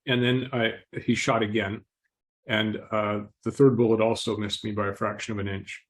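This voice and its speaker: A man guest on a podcast interview tells a personal story in a calm, reflective way, often clearing his throat. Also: fairly low pitch, normal speed.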